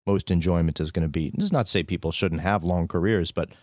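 Deep-voiced deadpan man. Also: quick pace, no echo, studio quality. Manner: deadpan, wry narrating asides. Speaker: podcast co-host. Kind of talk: casual chat.

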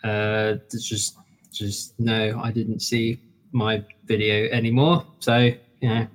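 A man's voice: fairly low pitch, flat delivery, slow. A man in casual chat, telling a story in a rambling way, with many fillers and restarts.

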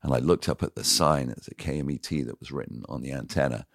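Older english guy, super low voice, dry close mic, spinning stories and doing voices of people he met. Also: fast talker, gravelly, no echo. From England. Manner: animated anecdotes, lively voiced quotes. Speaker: podcast guest, radio DJ. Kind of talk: casual storytelling.

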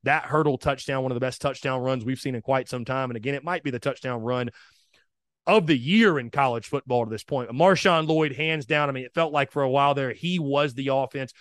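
A man's voice: mid-range voice, a little fast, a bit bright, no echo. A man hosting a sports podcast, talking energetically and with strong opinions, speaking straight to his listeners. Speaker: podcast host.

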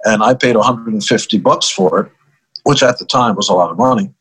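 A man's voice: on the low side, a little fast, a bit bright, husky, low-quality recording. An older man, a musician guest in an interview, telling stories in a wry, easygoing way and laughing at his own punchlines. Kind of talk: storytelling interview talk.

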